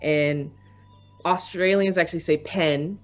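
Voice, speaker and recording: Low-voiced woman, lo-fi stream audio. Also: fairly even intonation, slow, soft background music. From Canada. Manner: chatty, laughs often. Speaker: stream co-host. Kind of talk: casual stream chat.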